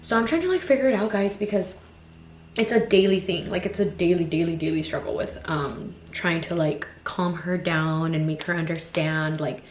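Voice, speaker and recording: Speaking at a normal speed, this fairly low-pitched woman, a vlogger in her twenties raising two toddlers, rambles frankly through a casual get-ready-with-me vent peppered with "like" and "you know." Slight background noise sits under a roomy echo with faint ambience.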